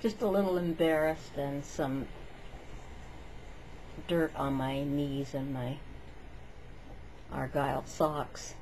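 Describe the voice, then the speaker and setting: A woman's voice: sits low, fairly even intonation, takes it slowly, pauses often, noisy background. A woman telling a story in a casual vlog, chatty and meandering, full of "like" and "um".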